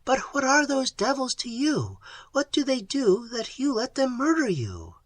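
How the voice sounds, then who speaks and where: An audiobook reader voicing an earnest, quick young woman traveler who speaks softly and questions a lot. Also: big pitch swings, no room sound, heavily acted. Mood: distressed. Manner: pleading, questioning, softer and higher than the narration. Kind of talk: audiobook character voice.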